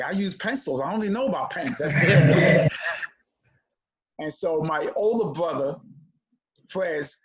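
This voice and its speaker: A man telling a childhood story in a conversation, animated as he acts out the voices of the people in it. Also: a little high. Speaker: comedian guest. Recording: dull lo-fi audio.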